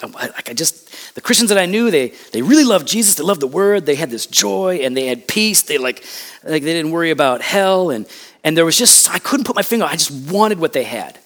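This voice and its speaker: A man preaching a sermon, impassioned and conversational, with loud emphatic peaks and quick asides. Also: mid-range voice. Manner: conversational asides and acted quotes. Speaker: pastor.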